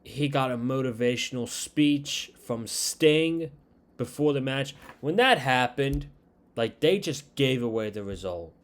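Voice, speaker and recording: A man casually recapping a wrestling show, retelling scenes and quoting lines in a slow, unhurried way. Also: mid-range voice, expressive.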